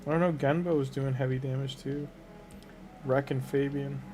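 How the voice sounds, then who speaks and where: A man talks through a video game in a casual, muttering way, thinking aloud between moves. His voice sits at an ordinary middle pitch. A faint hiss of noise runs under the recording. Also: fairly even intonation, normal speed. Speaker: gaming streamer. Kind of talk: casual gameplay commentary.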